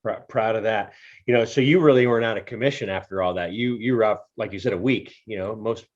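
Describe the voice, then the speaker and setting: A man hosting an interview, asking questions haltingly and repeating words as he goes. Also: on the low side, lo-fi sound. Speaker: interview host. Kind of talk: conversational interview.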